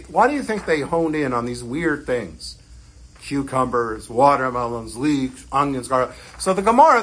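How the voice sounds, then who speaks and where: Animated joking rabbi, bright lively voice. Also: male voice, high-pitched. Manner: animated and joking, with Yiddish words. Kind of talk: Torah lesson.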